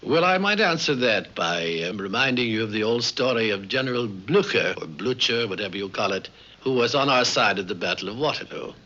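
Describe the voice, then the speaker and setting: An older man from Canada, a politician and former editor, telling witty anecdotes in a formal interview with many "uh" pauses. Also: fairly low pitch, expressive, pushed and bright. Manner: genial, witty storyteller with frequent "uh" pauses. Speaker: interview guest, member of Parliament. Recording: dull lo-fi 1950s film sound.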